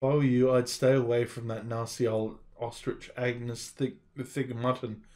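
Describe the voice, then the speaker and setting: A man's voice: medium pitch, little pitch movement, normal speed, darkish tone, lightly acted. Give me a man playing a prim, fussy old female ostrich in a game story read-aloud. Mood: warning. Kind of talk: reading a game's story aloud on stream.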